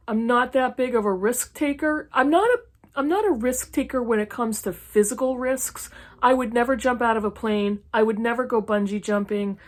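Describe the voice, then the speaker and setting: A woman in her fifties from New England talks casually and frankly, with a slightly higher voice. She rattles through questions and drops sarcastic asides as she goes. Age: 50s. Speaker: book YouTuber. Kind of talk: casual chat answering tag questions. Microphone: camera mic, reading from an e-reader.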